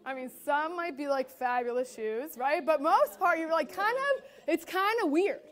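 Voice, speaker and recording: A woman delivers a keynote from a stage and tells workplace stories in a conversational way. Her voice sits high, and she keeps slipping into little acted-out quotes. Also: normal speed. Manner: animated, acts out quotes with filler "like". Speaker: keynote speaker. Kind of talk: storytelling keynote talk.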